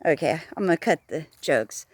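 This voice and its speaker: A woman's voice: sits low, lively intonation, normal speed, breathy edge, no room sound, clean studio sound. A woman vlogging outdoors on a walk, talking frankly and rambling, swearing freely and joking at herself. She says she is hard of hearing. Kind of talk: casual talking-to-camera vlog.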